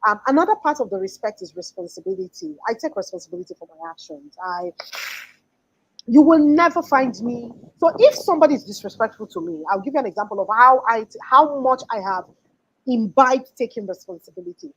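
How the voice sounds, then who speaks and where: A woman's voice: a little high, lively intonation, brisk, a bit bright, husky, highs cut off. A woman in her forties giving an earnest, emphatic motivational talk as a life coach, often restarting her sentences.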